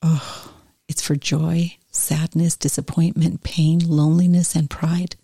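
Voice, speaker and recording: A woman reading aloud as God the creator, in a slow, soft storybook manner. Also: low voice, little pitch movement, slightly rough, no room sound, exaggerated voice. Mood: tender. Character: God, a tireless male creator, proud.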